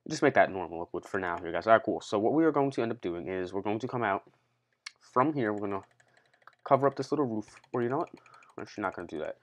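Low-voiced man casually narrating a game tutorial. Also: lively intonation, fast talker. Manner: chatty, keeps addressing viewers as guys, counts blocks aloud; loose and unscripted, changes plans mid-sentence. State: out of breath after a workout. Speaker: Minecraft tutorial host.

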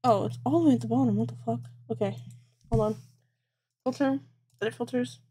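A woman's voice: on the high side, fairly quick, mellow, slightly rough. A woman live-streaming as she crochets, thinking aloud, swearing a lot and mocking herself. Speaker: livestreamer. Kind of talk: casual live-stream chat while crocheting.

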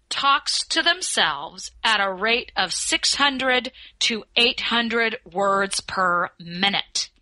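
A woman who is a communication skills expert, answering podcast interview questions in a measured, articulate way. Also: mid-range voice, bright, forceful tone, dry recording, low-quality recording. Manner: measured, advice-giving, articulate.

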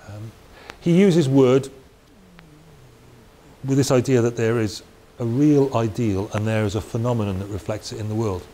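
A man's voice: mid-range voice, moderate pace, warm tone. Man giving a chatty Bible talk. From Wales. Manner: conversational, chatty asides and restarts. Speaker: preacher. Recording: faint hiss.

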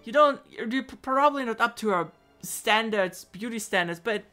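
A woman's voice: on the high side, animated, normal speed, fairly bright tone, soft background music. A woman commenting casually on a story game, with blunt swearing asides. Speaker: let's player.

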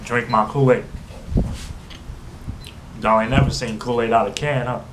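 A man's voice: medium pitch, fairly even intonation, measured pace. A young man ranting heatedly about his football team, swearing constantly and repeating his filler phrases. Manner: profane, heated, repeats "you know what I'm saying". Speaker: sports fan vlogger. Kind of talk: angry fan rant. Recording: faint background noise.

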